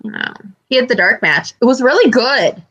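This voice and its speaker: Woman, podcast co-host; bright, animated, fairly high voice, loves acting out quotes. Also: a little fast, lo-fi sound. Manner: animated storytelling with swearing and mimicked quotes. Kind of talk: casual chat.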